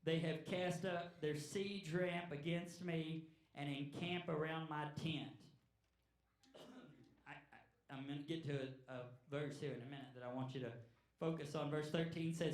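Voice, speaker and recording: A man preaching a sermon in earnest, halting speech with many repeated words. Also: a little high, steady tone, distant mic. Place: church hall. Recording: echoey room, voice from afar.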